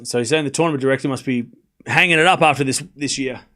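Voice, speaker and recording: A man's voice: mid-range voice, fast talker, pushed and bright. A man hosting a live watchalong, chatting casually with his chat, rambling with frequent fillers and restarts. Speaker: livestream watchalong host.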